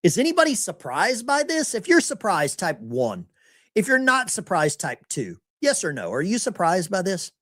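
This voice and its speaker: A man's voice: high voice, huge pitch swings, moderate pace, fairly bright tone, no echo, clean studio sound. A man hosting a live stream, giving mocking commentary on the news and talking straight to his chat.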